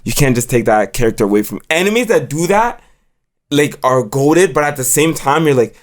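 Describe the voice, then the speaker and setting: A young man with a mid-pitched voice, chatting casually as co-host of an anime review show. He talks in slang, stops and restarts often, and retells scenes as quotes. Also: expressive, moderate pace. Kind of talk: casual chat.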